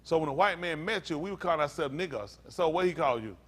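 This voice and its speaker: A man with a notably high voice preaches a teaching sermon. He is animated, throws in acted voices for the people he quotes, and stumbles when he reads aloud. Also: fast talker. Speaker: pastor.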